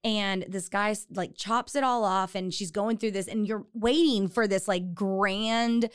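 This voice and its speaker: A woman's voice: medium pitch, steady tone, measured pace, clean tone, dry recording, studio quality. A woman, chatting casually and giggling often as a podcast host. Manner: giggly, chatty, lots of fillers. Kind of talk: casual chat.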